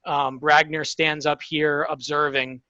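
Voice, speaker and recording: A man narrating a tabletop game as game master, in a halting way with many fillers. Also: a little high, flat delivery, sharp tone, clean tone, dry recording, muffled recording.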